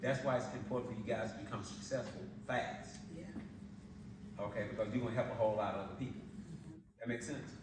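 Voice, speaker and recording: A man's voice: medium pitch, fast talker, pauses often. Guy hyping up a room, storytelling and laughing, mic far off, noisy echoey hall. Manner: animated storytelling, laughing often, colloquial. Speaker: business opportunity presenter. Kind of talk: motivational sales presentation. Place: event hall.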